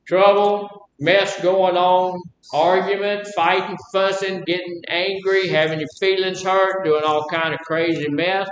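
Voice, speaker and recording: A man with a Southern drawl teaches a live class, folksy and fond of quizzing his listeners. His voice sits a touch high. The room is echoey, with a faint rumble underneath. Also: flat delivery, unhurried, hardly any pauses, muffled recording. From Mississippi. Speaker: class instructor. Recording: roomy echo, faint rumble.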